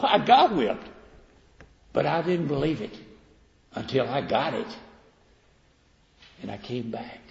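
Folksy gravelly older preacher in a hall. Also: male voice, fairly high pitch. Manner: folksy, animated storytelling that acts out quoted voices. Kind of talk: sermon. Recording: roomy hall reverb, dull lo-fi sound.

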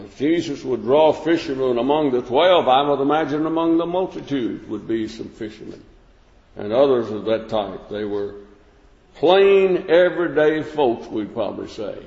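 A man's voice: on the high side, darkish tone. A man teaching a plain-spoken Bible lesson, folksy and full of restarts. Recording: echoey hall, dull lo-fi sound.

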